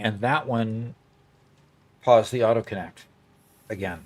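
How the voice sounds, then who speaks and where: A male streamer chats casually while playing on a gameplay livestream, rambling with many fillers and restarts. His voice is fairly low, unhurried and darkish in tone.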